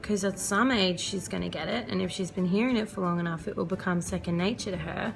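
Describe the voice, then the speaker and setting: A woman's voice: mid-range voice, fairly quick, vocal fry, hardly any pauses, faint music behind. A young woman, chatting earnestly and casually as a mother giving parenting advice, laughing often. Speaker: vlogger and mother.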